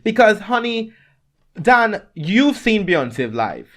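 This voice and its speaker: Animated gushing man, lively pitch. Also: slow. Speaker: podcast co-host. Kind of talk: casual chat.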